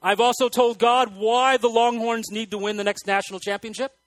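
A man with a fairly high voice preaches to his congregation, swinging between hushed, earnest asides and sudden loud bursts. The sound is dry and close, with little room echo. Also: brisk. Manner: animated preaching with sudden loud acted outbursts and quiet asides. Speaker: pastor. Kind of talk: sermon. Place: church hall with congregation.

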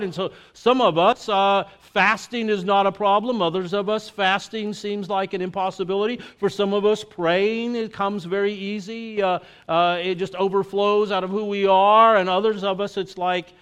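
Chatty, fairly high-voiced man preaching. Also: normal speed, clean tone. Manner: chatty, full of "you know" and "like" fillers; moves between lively asides and quiet, earnest reflection. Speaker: pastor. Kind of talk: conversational sermon.

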